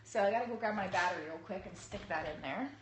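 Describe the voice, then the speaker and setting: Thirties woman, husky cold-roughened voice, casual livestream host, mid pitch, light background noise. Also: fast talker. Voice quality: husky, low. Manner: chatty, laughing, greets viewers by name. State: hoarse from a cold. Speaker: cake artist hosting a livestream. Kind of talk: casual live-stream chat. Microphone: phone livestream.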